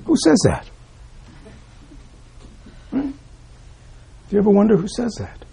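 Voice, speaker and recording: Male Buddhist teacher, husky and mellow, asks rhetorical questions and checks in with "right?". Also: sits high, huge pitch swings, measured pace. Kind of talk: dharma talk.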